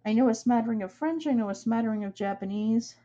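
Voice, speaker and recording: A fairly high, mellow voice comes through fast on a muffled recording. The speaker, a young woman from upstate New York, USA, streams her drawing and rambles casually, laughing often as she works.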